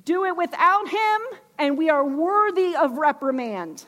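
A woman's voice: high-pitched, expressive, measured pace, fairly bright tone. A woman preaching a sermon with emphasis, asking her listeners questions.

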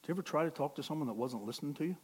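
A middle-aged man preaching a sermon in a conversational way, with asides and restarts, swinging from quiet to near-shouting. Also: fairly high pitch, animated, racing, slightly rough. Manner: self-correcting, conversational with asides. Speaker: pastor.

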